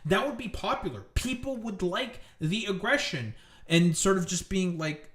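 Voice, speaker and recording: A man's voice: high-pitched, normal speed, fairly bright tone. A man hosting his stream with a political commentary rant. He talks in a profane, angry and sarcastic way. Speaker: streamer host. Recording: echoey room.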